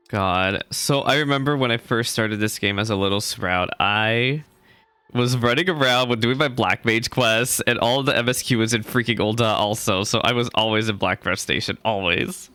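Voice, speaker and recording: A man's voice: lowish voice, normal speed, pushed and bright, clear, resonant tone, no room sound, soft background music. A man chatting casually while playing through a game, reading quest lines aloud, laughing and joking as he goes. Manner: chatty, laughs often, swears mildly. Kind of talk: casual let's-play commentary.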